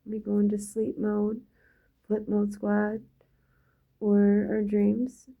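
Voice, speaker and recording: A woman's voice: medium pitch, monotone, takes it slowly, gravelly, dark tone, low-quality recording. A woman talking in a loose, free-associating spiritual monologue, drifting from thought to thought.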